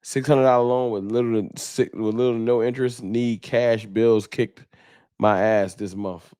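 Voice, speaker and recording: A man hosting a casual sports fan livestream talks in a loose, slangy way into a streaming mic. His voice sits at a middle pitch, and he moves easily between banter and reading viewer donations aloud. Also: fairly even intonation, moderate pace, dark tone, clean tone. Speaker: fan talk show host.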